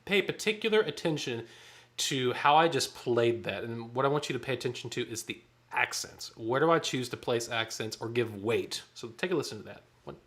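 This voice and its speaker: A man's voice: mid-range voice, expressive, normal speed, fairly bright tone. A man leading a choir rehearsal, counting off beats and singing short phrases to show how they go. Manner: counts off beats and sings lines to demonstrate. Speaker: choir director.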